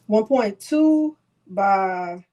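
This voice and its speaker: A woman's voice: medium pitch, animated, extremely slow, dark tone, lo-fi sound. A woman hosting a live craft tutorial, talking in a chatty, rambling way with lots of fillers and restarts. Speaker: crafting host.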